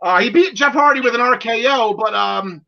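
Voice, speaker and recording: A man in his forties hosting a casual wrestling podcast, excitable and jokey, with lots of fillers. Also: extremely high pitch, normal speed, vocal fry. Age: 40s. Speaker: podcast host. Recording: lo-fi audio.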